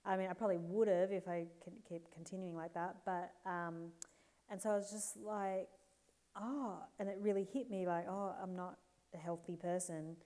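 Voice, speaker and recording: An Australian woman in her forties, a guest author telling candid, animated stories on a live stage, laughing and putting on playful voices. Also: on the low side, normal speed. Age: 40s.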